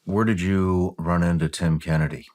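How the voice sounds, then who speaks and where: A man's voice: deep voice, steady tone, moderate pace, darkish tone. A man hosting an interview, asking short, direct questions in a casual way. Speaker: podcast interviewer.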